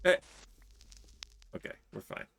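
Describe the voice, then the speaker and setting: A man's voice: measured pace, fairly bright tone, slight background noise. A man streaming a building game, chatting casually, teasing his friends and chuckling often as he reads chat aloud.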